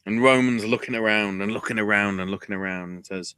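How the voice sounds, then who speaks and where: Excitable, foul-mouthed man on a podcast. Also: on the low side, brisk, few pauses, smooth, no echo. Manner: excitable, profane, breaks into laughter and mock voices. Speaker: podcast co-host. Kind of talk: casual wrestling recap chat.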